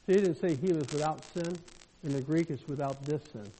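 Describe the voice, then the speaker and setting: A male pastor preaching a sermon, swinging between loud, fervent declarations and soft, intimate storytelling. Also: a little high, brisk, a little hiss or hum. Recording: echoey hall with long reverb.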